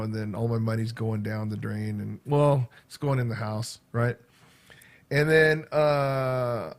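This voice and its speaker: A man in his fifties chats casually to his viewers in a middle-pitched voice. He rambles and circles back, repeating words and stacking fillers as the story unfolds. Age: 50s. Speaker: vlogger and school teacher. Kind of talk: casual chat.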